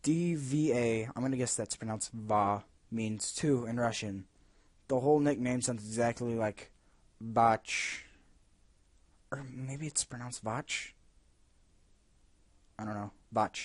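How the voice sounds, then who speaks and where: A man's voice: medium pitch, slow, pauses often, a little mellow, dry recording. A man reviewing a video game, reading its text aloud and breaking off into sarcastic, jokey asides. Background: faint game music.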